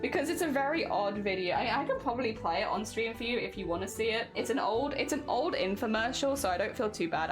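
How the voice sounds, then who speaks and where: Giggly chatty woman streamer with music behind. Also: a little high. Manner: chatty, giggly, talks over the clip. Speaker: craft streamer. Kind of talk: casual live-stream chat. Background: music playing.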